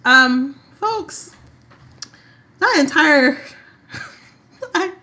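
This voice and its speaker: A young woman co-hosting a casual soap recap chat, expressive and joking, acting out quotes. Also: high voice, extremely slow. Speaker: podcast co-host.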